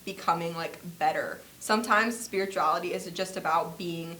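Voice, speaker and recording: Young woman, casual podcast co-host, bright voice, animated storyteller heavy on fillers. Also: fairly low pitch, moderate pace, slight background noise. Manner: animated storyteller, many "like" fillers, acts out quotes. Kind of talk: casual chat.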